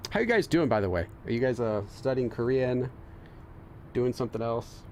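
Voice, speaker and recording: A man's voice: mid-range voice, lively intonation, moderate pace, darkish tone, slight background noise. A man hosting a game playthrough, reading the on-screen text aloud, translating it and thinking aloud with many fillers and restarts. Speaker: let's play host and Korean learner.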